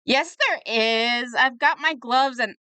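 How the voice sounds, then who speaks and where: A woman reading aloud the lines of an earnest young woman from a webcomic, slow and emphatic. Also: fairly high pitch, sharp tone, clear, resonant tone, no room sound. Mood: urgent.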